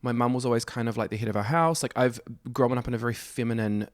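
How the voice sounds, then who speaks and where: A man in his thirties, a podcast guest in casual chat, animated, swearing freely and often laughing as he tells stories. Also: mid-range voice, quick pace, dry recording, clean studio sound.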